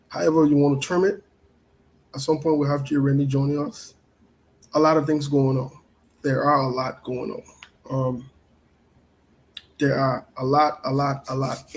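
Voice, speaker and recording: A man's voice: medium pitch, rough recording. A man hosting a casual live stream, repeating himself often and greeting viewers by name. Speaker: show host.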